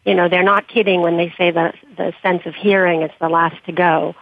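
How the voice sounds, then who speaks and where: A woman with a husky voice reading her own memoir in a measured, quiet way, then answering interview questions, heard over a dry, tinny phone-like line. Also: fairly low pitch, fairly even intonation, no echo. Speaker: author and interview guest.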